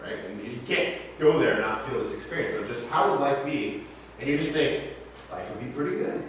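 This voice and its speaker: A man's voice: mid-range voice, brisk, a bit bright, slight background noise. A man in his thirties, a pastor telling stories in a casual, chatty sermon full of asides. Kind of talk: conversational sermon storytelling. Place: church sanctuary. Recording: very echoey hall, mic far off.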